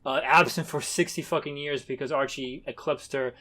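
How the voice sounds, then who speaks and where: A man's voice: mid-range voice, steady tone, moderate pace, bright, forceful tone. A man co-hosting a podcast in casual chat, rambling and stop-start with emphatic bursts. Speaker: podcast co-host.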